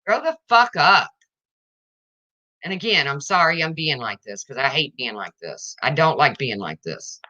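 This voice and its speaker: Woman livestreamer, indignant rant, sharp bright tone, dull lo-fi sound. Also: low voice, animated, moderate pace. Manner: indignant, confrontational, addresses viewers directly.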